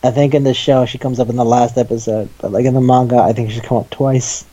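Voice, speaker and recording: A man co-hosting a casual chat about manga, animated, acting out scenes in quoted lines and swearing freely. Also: mid-range voice, fast, lo-fi sound. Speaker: podcast co-host.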